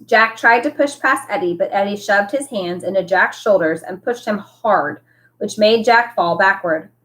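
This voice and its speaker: A woman who teaches, reading a novel aloud with expressive storytelling. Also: medium pitch, normal speed.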